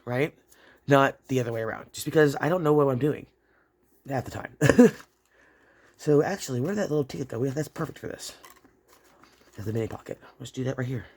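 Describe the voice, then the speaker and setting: A man hosting a casual crafting tutorial at home, chatting to viewers and laughing often as he works. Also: mid-range voice. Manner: chatty, laughs often, talks to himself while working. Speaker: craft channel host.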